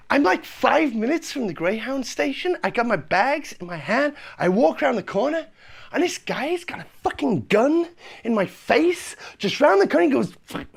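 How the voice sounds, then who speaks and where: A man voicing a brash, volatile, foul-mouthed male dancer who swears constantly and bursts into shouting, performed live in a comedy venue. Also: high-pitched, vocal fry, heavily acted. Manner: swearing, swings into shouted outbursts.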